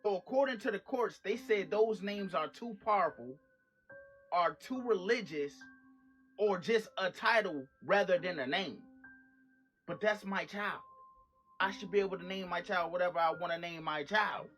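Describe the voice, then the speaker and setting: A man's voice: sits high, moderate pace, fairly bright tone, faint music behind. A man delivering a casual, blunt rant to camera in an indignant, slangy way. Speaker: social media commentator.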